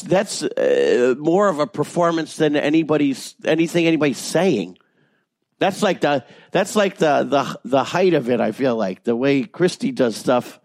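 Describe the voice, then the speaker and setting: Animated male voice actor telling stories. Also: mid-range voice, dry recording. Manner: animated, self-deprecating, swears freely. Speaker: voice actor guest. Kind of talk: casual interview storytelling.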